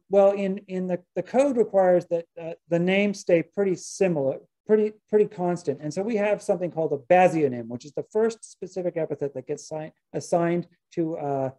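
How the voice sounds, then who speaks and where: A presenter giving an informal gardening lecture, pausing often, restarting phrases and checking whether the audience is following. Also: medium pitch, mellow, rough recording. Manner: halting, with frequent restarts and filler words.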